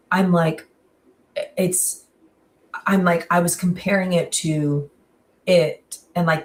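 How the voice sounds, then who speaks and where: A woman's voice: low voice, far from the mic, slight background noise. A woman in casual podcast chat, reviewing a series animatedly with lots of "like" and emphatic asides. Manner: animated, frequent "like" and laughs, exaggerated emphasis.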